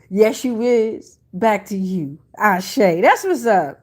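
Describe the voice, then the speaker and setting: Slow, laid-back woman astrology reader. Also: fairly high pitch, lively intonation. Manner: laid-back, slangy, reads viewer comments aloud. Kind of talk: casual livestream chat.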